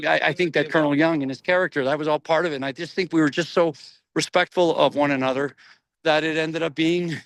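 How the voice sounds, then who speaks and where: A middle-aged man, an actor guest in a casual interview, telling animated stories, laughing often and acting out voices. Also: fairly high pitch, gravelly, dry recording.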